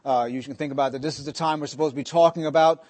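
A male pastor delivers a sermon with a slightly high-pitched voice. He preaches conversationally, drops in joking asides, and slows down deliberately to stress key points. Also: fairly even intonation, a little mellow.

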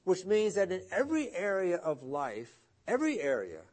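Pastor with sweeping emphatic rises. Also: male voice, wildly swooping pitch, moderate pace. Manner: conversational, with emphatic rises and soft, low drops. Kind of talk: sermon.

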